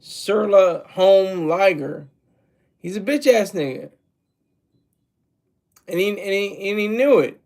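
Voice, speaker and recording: Streamer type: man with a high, gravelly voice, crude and mocking, rambling livestream rant. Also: sing-song, a little slow, long pauses, darkish tone.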